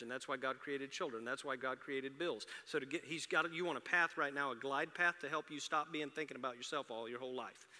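A middle-aged man preaching a sermon as pastor, conversational and shifting between loud emphatic passages and soft ones. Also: medium pitch. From Houston, Texas area. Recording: long reverb of a large hall.

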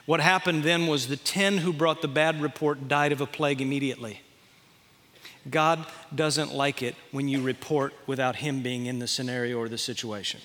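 A pastor preaching in a folksy, animated way, acting out quotes. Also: male voice, medium pitch, moderate pace, long reverb tail. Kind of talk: sermon.

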